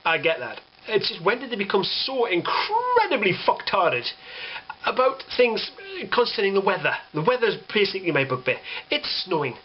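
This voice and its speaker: A man's voice: sits high, huge pitch swings, moderate pace, highs cut off, slight background noise. A young British man delivering a sarcastic, exasperated rant to camera, swearing freely. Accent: British English. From Britain. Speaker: vlogger. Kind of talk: ranting monologue.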